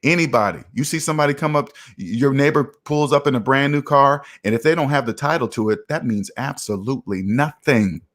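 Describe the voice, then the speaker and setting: Male livestream host, middle pitch, preachy and emphatic, loops back on his own lines. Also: fairly quick, hardly any pauses, fairly bright tone. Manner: preachy, emphatic, repeats himself for effect. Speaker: finance channel host. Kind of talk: livestream commentary reading chat.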